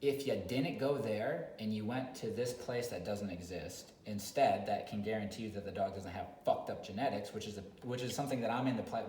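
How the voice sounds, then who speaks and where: A man working as a dog trainer, talking bluntly in a casual video chat and sometimes swearing, loudly acting out dog owners. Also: on the low side. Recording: echoey room with faint noise.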